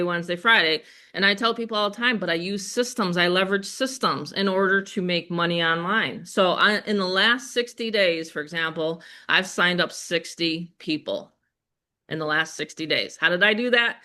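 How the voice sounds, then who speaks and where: An older woman with a Western New York accent, hosting a live webinar sales pitch in a chatty, upbeat way, speaking straight to her audience. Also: brisk, pushed and bright. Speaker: webinar host.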